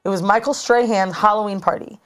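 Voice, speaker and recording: A woman in her thirties telling a story in casual chat as a podcast co-host, animated and slangy, recorded in a studio. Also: mid-range voice, brisk. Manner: animated, slangy, dramatic retelling.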